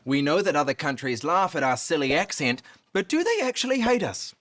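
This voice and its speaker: A man's voice: a little high, sing-song, brisk, fairly bright tone. A man presenting a show in a punchy, rhetorical way. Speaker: host. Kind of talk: scripted presenting. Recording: music underneath.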